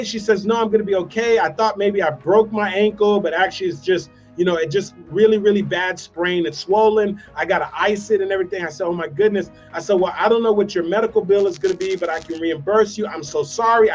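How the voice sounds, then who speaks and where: A man giving a motivational speech, telling a story with repeated phrases and dramatic slowdowns. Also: high voice, muffled recording, soft background music. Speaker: motivational speaker.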